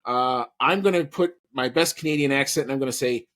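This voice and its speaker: A man's voice: mid-range voice, brisk, hardly any pauses, fairly bright tone. A man co-hosting a podcast in casual chat, rambling with lots of fillers and restarts. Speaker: podcast co-host.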